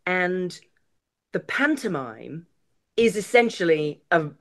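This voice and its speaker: Low-voiced British woman, chatty guest. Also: very animated. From Britain. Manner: chatty, self-deprecating, quick to laugh. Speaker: guest, arts executive director. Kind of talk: casual podcast interview.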